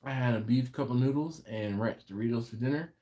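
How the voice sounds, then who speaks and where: The host of a barbecue channel runs a late-night live stream from home, chatting casually and reading viewer comments aloud with an easygoing laugh. His mid-range voice is warm and fairly quick.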